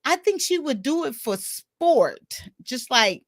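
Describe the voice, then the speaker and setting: High lively teasing woman host. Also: takes it slowly, no room sound. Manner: teasing, laughs often. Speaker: livestream host. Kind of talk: casual livestream chat.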